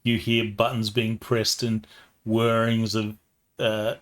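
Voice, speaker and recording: A man narrating a tabletop game as game master, in a relaxed way with many fillers. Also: fairly low pitch, slow pace.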